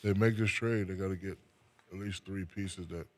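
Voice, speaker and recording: A man from New Jersey, a retired basketball player, chatting casually as an interview guest, soft-spoken and restarting sentences with repeated words. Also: deep voice, fairly even intonation, moderate pace.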